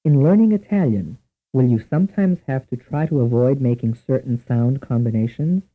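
Male instructor, husky, deliberate narration with a lively pitch for a tinny old taped language course. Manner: measured, deliberate, spells out each question and answer. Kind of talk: scripted language lesson narration. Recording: tinny lo-fi old tape recording.

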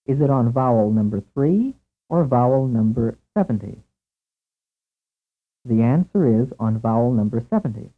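A man narrating a scripted language lesson in a measured way, asking questions and then giving the answers. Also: medium pitch, expressive. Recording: tinny lo-fi tape over a narrow band.

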